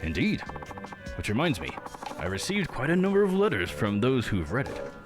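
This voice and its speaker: A man's voice: medium pitch, huge pitch swings, normal speed. A man voicing a formal, grateful male novelist in a video game, with old-fashioned phrasing, over game music. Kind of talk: reading game dialogue aloud.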